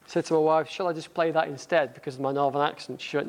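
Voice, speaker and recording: A man's voice: on the high side, fairly even intonation, fast, creaky. A middle-aged man with a northern English accent, talking casually in a sermon and reading aloud from a book. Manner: conversational, self-deprecating, reads aloud. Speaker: church speaker.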